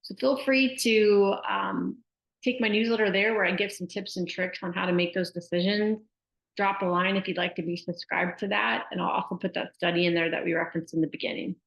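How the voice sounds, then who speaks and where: A woman's voice: medium pitch, fairly even intonation, fairly quick, vocal fry, a bit bright. A middle-aged woman, a sports nutrition specialist, chatting casually and telling stories, often tossing in "like" and "right?". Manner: chatty storyteller, frequent "like" and "right?". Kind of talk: casual conversational advice. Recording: echoey room, dull lo-fi sound.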